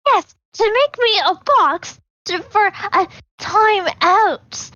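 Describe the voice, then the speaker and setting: A woman's voice: very high-pitched, slow pace, pushed and bright, dry recording, lo-fi sound, full character voice. A woman voicing an earnest young woman who loves nature and speaks bluntly and indignantly in a tabletop game. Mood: upset.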